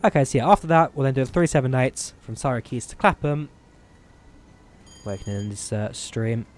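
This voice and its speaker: A young man speaks at a mid pitch, his accent a blend of Midlands English and Eastern European. He chats loosely and rambles, pokes fun at himself, and talks through each moment as he plays. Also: expressive, normal speed. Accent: Midlands English mixed with Eastern European. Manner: chatty, rambling, self-deprecating. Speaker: streamer. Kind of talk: casual gameplay commentary.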